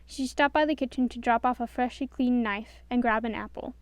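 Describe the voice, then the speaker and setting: Smooth-voiced woman storyteller. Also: on the high side, brisk, dry recording. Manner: expressive, does all voices. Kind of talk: storybook narration.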